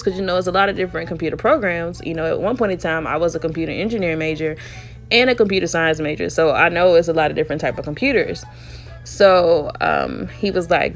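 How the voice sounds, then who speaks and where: A woman's voice: lowish voice, brisk, creaky, faint music behind. A young woman from Alabama telling a dating story in a casual, chatty way, leaning on "you know" and laughing often.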